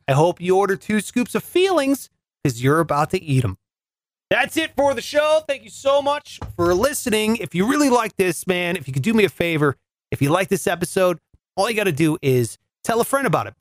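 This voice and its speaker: Give me a sarcastic, chatty male podcast host with a lively voice and a dry, close sound. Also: sits high, no room sound. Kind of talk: comedic storytelling monologue.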